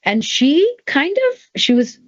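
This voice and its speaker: A middle-aged woman telling a personal story in a casual, animated way, jumping up high when she voices her own thoughts. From Canada. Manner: animated storyteller, quick swings into high excited voice for quoted thoughts. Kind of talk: casual anecdote. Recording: slightly dull, lo-fi sound.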